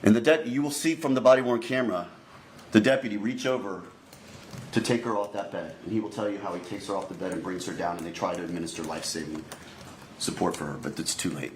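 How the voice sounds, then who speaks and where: A male prosecutor delivering a deliberate opening statement to a jury, repeatedly addressing the jurors directly. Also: sits low. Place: courtroom. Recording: echoey courtroom recording, faint noise.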